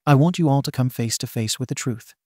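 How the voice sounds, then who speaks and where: A man's voice: medium pitch, brisk, darkish tone, dry recording, clean studio sound, close to an everyday voice. A man voicing a bitter, scarred young male villain confronting his father in a fan fiction reading, menacing and accusing.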